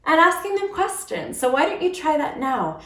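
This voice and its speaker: A woman's voice: high-pitched, very animated, normal speed, a bit bright, echoey room. A woman teaching puppet-making to children, playfully demonstrating different voices as she explains. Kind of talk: instructional video for kids.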